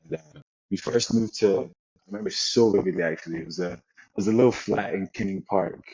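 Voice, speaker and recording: A young man from Nigeria, a guest on an interview podcast, telling stories in a relaxed way with many restarts. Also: sits low, brisk, slightly rough, highs cut off. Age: young adult. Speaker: guest, American football player. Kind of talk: casual interview chat.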